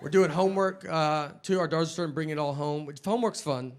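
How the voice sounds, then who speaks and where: A stand-up comedian who rambles through his bits in a dry, deadpan manner, his voice pitched a little above most men's. Clear noise from the room sits behind him throughout. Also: fast talker, over a noisy crowd. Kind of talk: stand-up routine.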